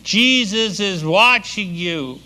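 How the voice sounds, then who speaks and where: A man voicing a cheeky talking parrot in a joke, with a high, squawky delivery. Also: expressive, slow, pushed and bright, full character voice.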